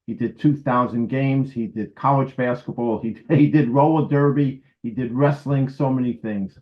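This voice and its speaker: A man in his seventies from New York City lectures in a wry, anecdotal way over a video call. His voice comes through muffled and lo-fi, with a medium pitch. He sounds conversational and unhurried. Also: fairly even intonation. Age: 70s. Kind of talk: storytelling lecture.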